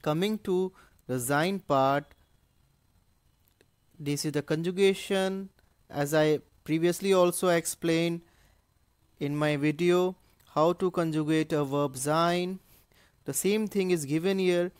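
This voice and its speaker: A man talks through a language lesson at an unhurried, deliberate pace. He is patient and explanatory, saying each phrase and then translating it. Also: fairly high pitch, clean tone. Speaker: German teacher.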